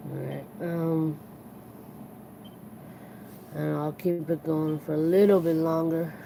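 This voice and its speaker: A tired livestream host chatting casually to viewers, earnest and reflective, rambling and halting with many restarts. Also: mid-range voice, fairly even intonation, gravelly, noisy background.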